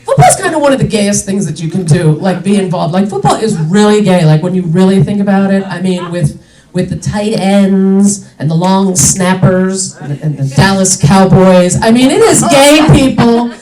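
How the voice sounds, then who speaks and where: A woman's voice: mid-range voice, expressive, moderate pace, mellow, echoey room, recorded from a distance, rough recording. A young adult woman doing a stand-up comedy set on a club stage, chatty and indignant, with lots of "like" fillers.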